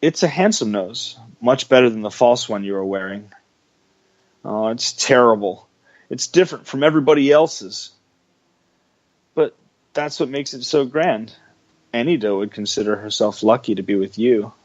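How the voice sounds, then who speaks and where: A man voicing a kind young female reindeer who speaks gently and encouragingly. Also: medium pitch, normal speed, long pauses, natural voice. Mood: tender. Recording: dull lo-fi radio audio.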